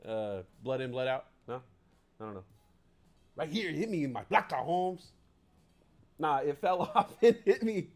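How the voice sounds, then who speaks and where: A man's voice: mid-range voice, steady tone, moderate pace, a little mellow, smooth, voice pushed down, close to an everyday voice. A man putting on the voice of a cocky young male street tough, slangy and laughing through his lines. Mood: swaggering.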